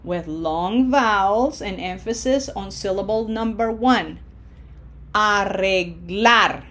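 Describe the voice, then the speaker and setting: Slow, patient woman teaching pronunciation. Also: medium pitch. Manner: patient, repeats drills step by step, slows down to model words. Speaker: Spanish teacher. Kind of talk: recorded online lesson.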